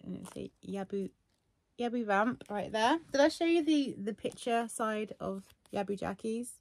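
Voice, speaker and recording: A woman vlogging casually while unboxing gifts, gushing and excitable. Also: a little high, normal speed. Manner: gushing and excitable, many fillers.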